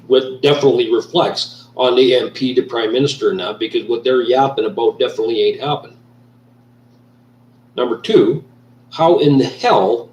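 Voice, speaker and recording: A man from Canada vents in a heated, profanity-laced rant, circling back over the same points. His voice sits at an ordinary middle pitch and sounds a little off the mic. The room around him is noticeably echoey. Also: recorded from a distance, a little hiss or hum. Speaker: vlogger. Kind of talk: angry ranting monologue.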